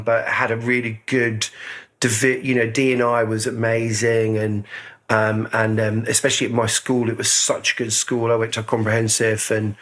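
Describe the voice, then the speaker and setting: Middle-aged man, interview guest, chatty storyteller, laughs easily, mid pitch. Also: a bit bright. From Scotland. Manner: chatty, self-deprecating, laughs often. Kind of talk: casual conversational storytelling.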